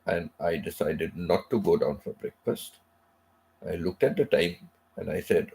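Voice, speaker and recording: A man's voice: low voice, expressive, a little slow, creaky, a little mellow. A middle-aged man hosting a live stream in casual chat, rambling and repeating himself with many asides while recovering from feeling sick. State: unwell, recovering from sickness.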